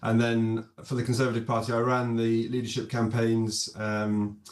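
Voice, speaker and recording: A man talking as a political commentator in a relaxed, hesitant way with many ums. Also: mid-range voice, moderate pace, reverberant. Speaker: political commentator, former special adviser. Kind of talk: casual discussion.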